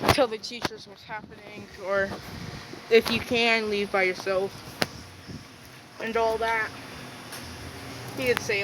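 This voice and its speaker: A woman's voice: a little high, very noisy. A woman improvising a fan-fiction story aloud, rambling and tacking "and all that" onto her sentences. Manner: rambling, keeps adding "and all that".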